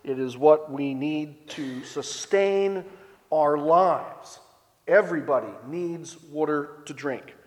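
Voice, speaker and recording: A man giving a sermon, retelling a scripture story in a relaxed, conversational way. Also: on the high side, long reverb tail. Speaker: preacher.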